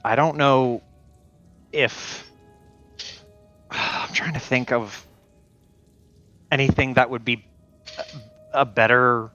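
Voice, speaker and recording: A man's voice: mid-range voice, pushed and bright, lo-fi sound. A man playing a tabletop game, brainstorming plans and thinking aloud in casual chat.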